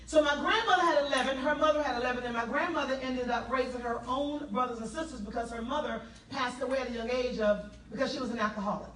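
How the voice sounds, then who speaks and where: A woman from South Carolina with a Southern accent, telling her life story to an audience in an animated way and drawing answers from the crowd. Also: high-pitched, fast, few pauses, echoey room, distant mic, slight background noise, rough recording. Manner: animated, laughing, call-and-response with the crowd. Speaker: motivational speaker. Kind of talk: testimony speech to an audience.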